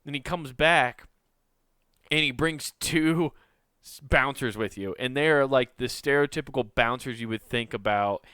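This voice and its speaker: Podcast co-host from Iowa, a man with a bright, clear voice, for chatty anecdotes with laughs. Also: mid-range voice, measured pace, no room sound, studio quality. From Iowa, USA. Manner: animated, laughing, acts out quoted voices. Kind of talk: casual storytelling chat.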